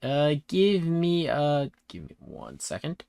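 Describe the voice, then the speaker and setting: A man's voice: a little high, huge pitch swings, gravelly, a little mellow, slight background noise. A man narrating as game master in a tabletop game, stopping and restarting often. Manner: halting, full of fillers and restarts.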